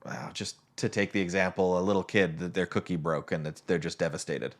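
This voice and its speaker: A man's voice: low-pitched, a little fast. A man co-hosting a podcast, explaining ideas thoughtfully in casual chat and using everyday examples. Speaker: podcast co-host.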